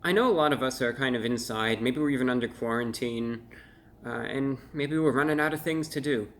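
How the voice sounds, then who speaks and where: A man's voice: mid-range voice, fairly quick, fairly bright tone, a little hiss or hum. Rambling man reviewing frozen food. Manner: rambling, self-deprecating, with restarts and playful asides. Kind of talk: casual product review.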